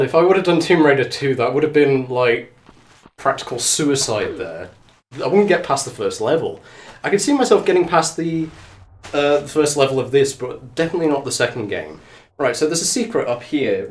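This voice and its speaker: A man streaming a game live, out of breath and excitable, talking to the character on screen and to his viewers. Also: medium pitch. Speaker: let's play streamer. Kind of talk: live gameplay commentary. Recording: echoey room, mic at a distance.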